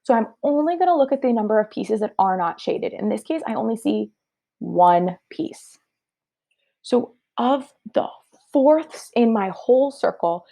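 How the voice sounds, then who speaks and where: A woman's voice: medium pitch, creaky, warm tone. A woman teacher giving a third-grade math review lesson, upbeat and encouraging, talking through each step aloud.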